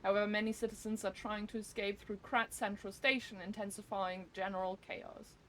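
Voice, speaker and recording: A woman's voice: medium pitch, flat delivery, a little hiss or hum, natural voice. A woman doing a stiff newscaster read. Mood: mock-formal. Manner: formal, measured newscaster delivery. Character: mock news anchor reading a bulletin.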